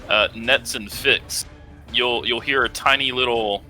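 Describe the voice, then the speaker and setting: A man's voice: medium pitch, steady tone, unhurried, pushed and bright, faint music behind. A man playing a tabletop role-playing game, talking hesitantly with many fillers. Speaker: player.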